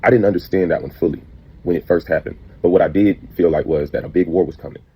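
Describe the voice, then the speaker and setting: A man's voice: low voice, fast talker, dark tone, slightly rough, poor audio. A man earnestly recounting a dream as a testimony.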